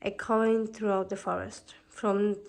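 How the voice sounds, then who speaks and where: A woman narrating a fairy tale as a calm storybook reading. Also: medium pitch, takes it slowly, creaky.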